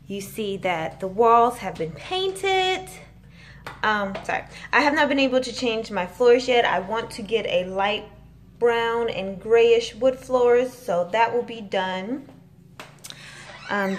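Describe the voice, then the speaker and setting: A woman's voice: a little high, a bit bright, a little hiss or hum. A young woman chatting casually on a phone camera at home, rambling with fillers and restarts. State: six months pregnant. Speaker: vlogger. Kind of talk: casual vlog chat. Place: at home, in a house.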